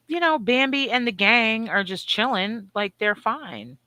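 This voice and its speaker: Middle-aged woman co-host, bright voice, dry sound, lively and profane. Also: on the high side, unhurried, no room sound. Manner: animated, profane storytelling with voiced asides. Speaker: podcast co-host. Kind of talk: casual chat.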